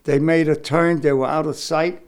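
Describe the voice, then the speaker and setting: An older man, giving a halting, emotional oral history of his war experience. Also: a little high, steady tone, clean tone. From New York City. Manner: halting, repeats words, emotional.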